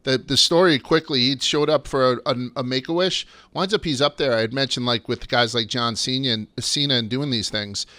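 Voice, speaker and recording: A man's voice: mid-range voice, a little fast, few pauses, bright, forceful tone, no room sound. A man hosting a casual podcast, telling stories loosely and swearing freely. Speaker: podcast host.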